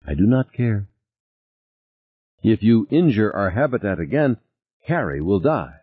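A man voicing a cold, menacing male alien entity that speaks slowly and formally, low and husky. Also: big pitch swings, no echo, exaggerated voice. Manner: slow, formal, clipped. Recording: tinny phone-like band.

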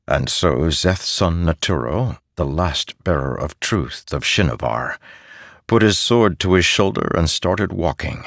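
A man reading an audiobook as a narrator, in a measured, steady manner. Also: low voice, no room sound, studio quality. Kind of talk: scripted narration.

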